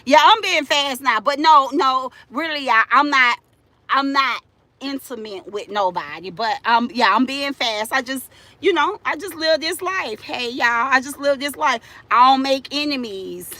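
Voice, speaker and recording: An older woman ranting to her live-stream viewers. Her voice is high and bright, and it swings widely in pitch. She talks at an unhurried pace, loud, boastful and profane. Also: lively intonation, no echo. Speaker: livestream host.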